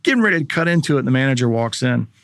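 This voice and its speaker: A man around forty, a former baseball pitcher, telling a story as a podcast guest and acting out the voices of people in it. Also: very fast, creaky, dry recording, clean studio sound. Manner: animated storyteller, acts out quoted voices. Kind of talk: casual storytelling interview.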